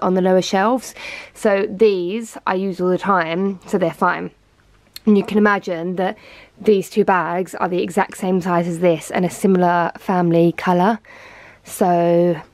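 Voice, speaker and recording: A woman's voice: fairly low pitch, darkish tone. Woman chatting away in her closet vlog, rambly, laughs at herself. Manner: chatty, rambling, self-mocking. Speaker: vlogger. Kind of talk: casual vlog chat. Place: home walk-in closet.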